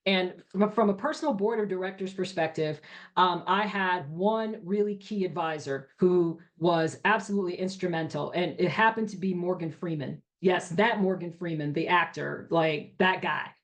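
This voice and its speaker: A middle-aged woman guest in an interview, telling her story in an animated, emphatic way and often checking in with "you know" and "right?". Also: fairly low pitch, normal speed. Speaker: entrepreneur guest.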